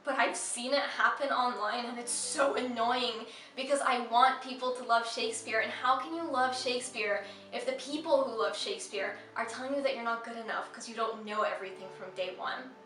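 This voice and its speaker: Bright, chatty young woman vlogger. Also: on the high side, fairly even intonation, normal speed, hardly any pauses, echoey room, distant mic, rough recording. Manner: chatty and reassuring, sing-song when reciting verse. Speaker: vlog host. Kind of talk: casual educational vlog.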